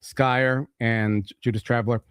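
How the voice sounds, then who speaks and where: An animated man tells a comic book story in casual chat, full of "you know" and "like". His pitch jumps as he acts out characters. The sound is close and dry. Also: measured pace, smooth, dry recording. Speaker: podcast host explaining comics.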